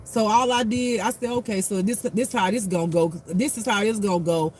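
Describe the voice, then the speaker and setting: A man's voice: sits high, fairly quick, poor audio. A man talking casually as a spiritual life coach, telling a story bluntly and animatedly with heavy swearing and acted-out quotes. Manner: acts out quotes in a raised voice. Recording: clear outdoor traffic noise. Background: passing cars and street noise.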